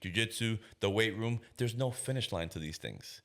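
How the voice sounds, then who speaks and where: Casual storytelling man, low voice. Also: moderate pace. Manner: animated storyteller who acts out quoted voices; casual, streetwise slang. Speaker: police officer, guest. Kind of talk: storytelling in a podcast interview.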